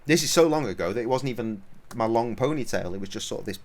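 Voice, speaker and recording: A man's voice: medium pitch, animated, quick pace. A young man streaming a video game, rambling and swearing in a self-mocking, casual way. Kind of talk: casual gameplay commentary.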